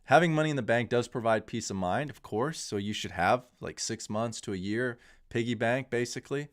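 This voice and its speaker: A man's voice: medium pitch, brisk. A man in his thirties hosting a crypto livestream, talking casually and candidly in a rambling, opinionated way with frequent restarts. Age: 30s.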